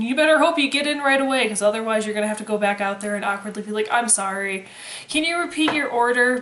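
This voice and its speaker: A woman's voice: medium pitch, fairly bright tone, slight background noise. Sarcastic young woman vlogger, roomy echo. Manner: sarcastic, swears freely, dry humor. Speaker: vlogger, former waitress. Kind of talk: casual chat to camera.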